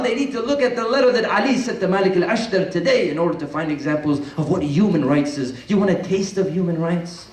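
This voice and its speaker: Man, preacher, impassioned sermon, emphatic peaks, somewhat high voice, echoey hall, distant mic. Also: darkish tone. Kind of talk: sermon with retold dialogue. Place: large mosque hall.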